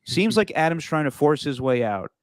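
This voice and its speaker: A young man hosts a sports podcast in a loose, joking way and swears without a second thought. His voice is smooth and resonant. It sounds dry and close, with no room around it. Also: fairly high pitch, very animated, normal speed, dry recording. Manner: loose, swearing, laughs easily. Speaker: podcast host. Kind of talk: casual sports podcast chat.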